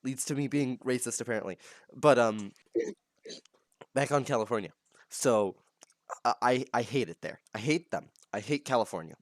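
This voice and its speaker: With long pauses at a normal speed, this mid-range male voice belongs to a young podcast co-host from Texas. His chat is rambling, jokey, and full of self-interruptions, recorded clean and dry in a studio.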